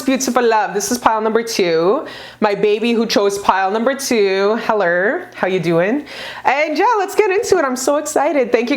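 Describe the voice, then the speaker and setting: A woman with a fairly high voice reads tarot cards in a casual pick-a-card video. She gushes and swears freely, breaking into bursts of excitement as she flips each card. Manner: animated, gushing and profane, bursts of high excitement.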